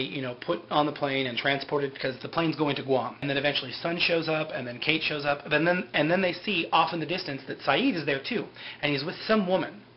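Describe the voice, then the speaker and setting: A man casually recapping a TV episode in a loose, rambling way, full of "like" and "you know". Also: a little high. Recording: dull lo-fi with faint hiss.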